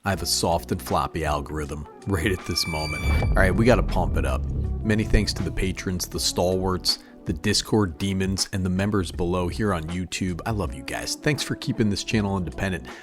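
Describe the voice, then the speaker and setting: A man's voice: deep voice, a little fast, music in the background. A middle-aged man hosting his channel, talking casually and jokingly about card game picks, calling listeners dude and bro. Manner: laid-back, jokey, calls listeners dude and bro. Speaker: channel host.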